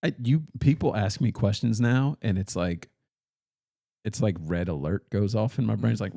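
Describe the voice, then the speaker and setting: A man's voice: lowish voice, expressive, moderate pace, gravelly, darkish tone, no room sound, studio quality. A man co-hosting a podcast, chatting casually and telling rambling, self-deprecating stories into a podcast mic. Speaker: podcast co-host.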